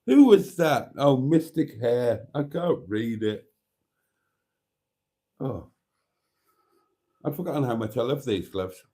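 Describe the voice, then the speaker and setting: Brief: middle-aged male livestream host, unhurried delivery, cheeky and weary. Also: medium pitch, lively intonation, warm tone. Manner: cheeky, chatty, laughs often. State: tired. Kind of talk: casual chat reading comments.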